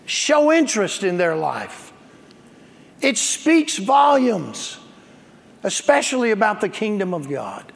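High lively preacher in a hall. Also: male voice, slow, gravelly. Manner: builds to shouting, call-and-response with congregation. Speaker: pastor. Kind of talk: sermon.

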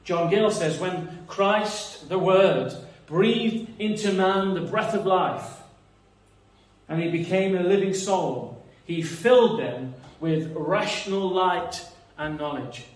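Guy preaching, kinda high voice, echoey room, sounds a bit far off. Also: slow pace. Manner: earnest, reasoning aloud, repeats words. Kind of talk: sermon. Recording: echoey room, mic some distance away.

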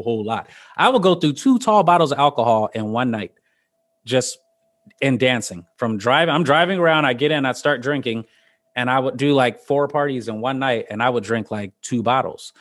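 A young man hosting a podcast, telling stories in a casual chat, animated and laughing as he acts out quotes. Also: mid-range voice. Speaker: podcast host.

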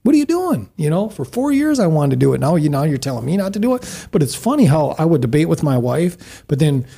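A man hosting a casual church panel discussion, telling stories in an animated way. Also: a little high, quick pace, vocal fry, breathy edge. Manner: animated storyteller who acts out quotes. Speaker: podcast panel host.

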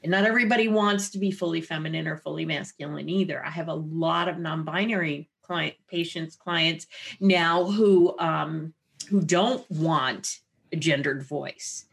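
A woman voice therapist explaining her methods in an interview, with an animated, wide-ranging inflection. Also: sits low, unhurried, vocal fry. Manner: explanatory and clinical.

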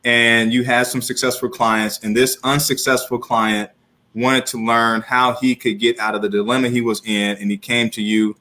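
A man's voice: mid-range voice, level tone, moderate pace, pushed and bright. A man hosting a podcast interview, casually summarizing the guest's story before asking him to tell it. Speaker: podcast host.

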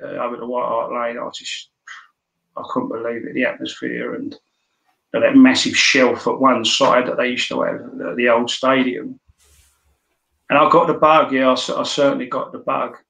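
A man's voice: mid-range voice, little pitch movement, a little fast, gravelly, a bit bright, reverberant, poor audio. A man in his sixties with a London accent, telling rambling, anecdotal stories as an interview guest. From London, England. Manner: rambling, anecdotal, many restarts. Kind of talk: casual storytelling.

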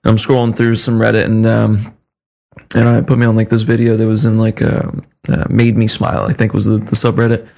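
A man's voice: fairly low pitch, completely flat delivery, fairly quick, gravelly, darkish tone. A man in a casual podcast chat, laid-back and thoughtful, mostly giving short replies.

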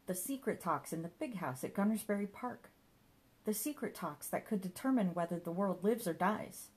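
A woman's voice: medium pitch, expressive, moderate pace, darkish tone, breathy edge. A woman voicing a flustered, paranoid young man in a storybook reading. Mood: defiant.

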